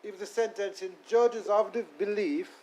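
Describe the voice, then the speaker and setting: A man, a lawyer making a deferential, measured legal argument in court and reading his submissions aloud. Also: high-pitched, fairly even intonation, darkish tone, rough recording. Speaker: defense attorney.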